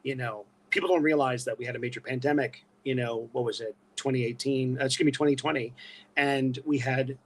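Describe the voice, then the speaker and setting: A man's voice: medium pitch, steady tone, brisk, a little hiss or hum. A man talking as a guest on a casual podcast, telling stories in an emphatic, self-mocking way.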